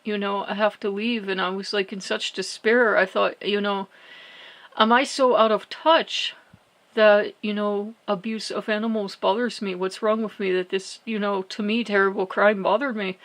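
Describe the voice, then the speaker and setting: A woman hosting her own spiritual channel, retelling a religious story in a halting way, full of fillers and restarts. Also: mid-range voice, little pitch movement, a bit bright, low-quality recording. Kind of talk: devotional storytelling vlog.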